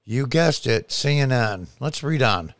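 A man's voice: mid-range voice, animated, measured pace, dry recording. A middle-aged American man hosting his own political commentary show, reading news aloud and scoffing at it.

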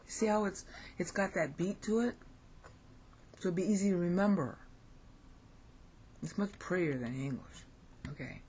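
A woman's voice: sits low, moderate pace, darkish tone, breathy edge. An American woman giving a casual lesson, reading Greek phrases aloud, thinking aloud and correcting herself as she goes. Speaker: Greek language teacher.

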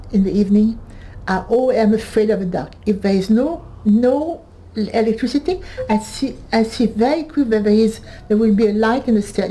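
A woman in her eighties from northern France with a French accent, giving a halting personal testimony, often restarting and repeating words. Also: medium pitch, warm tone, low-quality recording. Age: 80s. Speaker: Holocaust survivor giving testimony.

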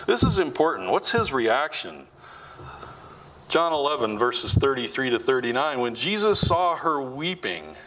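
A man preaching a sermon as pastor, asking his listeners question after question and dropping low and slow to press a point. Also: low-quality recording. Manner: asks the congregation many questions; drops to low, slow, quiet emphasis.

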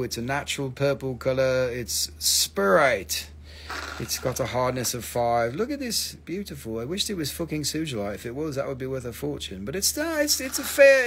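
A man's voice: mid-range voice, a bit bright, a little hiss or hum. A man hosting a casual live stream that sells minerals, talking loosely and joking around, swearing now and then and spelling out stone names, on a phone mic.

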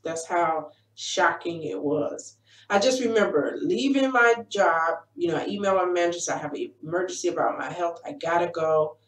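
A woman in her forties shares her personal story straight to camera, speaking earnestly and encouragingly. Her voice sits a little low. It comes from some distance and carries a roomy echo. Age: 40s. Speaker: life coach sharing her story.

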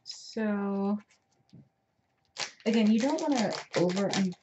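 Taking her time, a woman with a mid-range voice hosts a casual crafting tutorial. She chats away and jokes at her own expense as she works, recorded at home in dull lo-fi quality with noise.

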